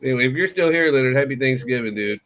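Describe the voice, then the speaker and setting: A man's voice: mid-range voice, expressive, fast, fairly bright tone, muffled recording. A man hosting a morning talk show, chatting casually with many restarts and easy laughter. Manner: rambling, restarts and fond laughter. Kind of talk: casual radio chat.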